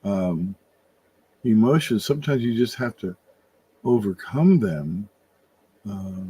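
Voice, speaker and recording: An older man in casual conversation, thinking out loud in a rambling way, with many restarts and fillers. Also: on the low side, unhurried, husky. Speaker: podcast co-host. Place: room with his wife nearby.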